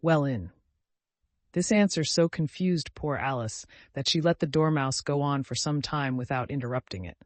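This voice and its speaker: A man narrating a storybook audiobook in a measured, even way. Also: a little high, no echo.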